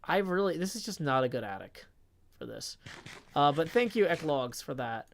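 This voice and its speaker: A man's voice: on the high side, sing-song, normal speed, slight background noise. A man live-streaming a game, chatting casually, reading out tips and counting blocks under his breath.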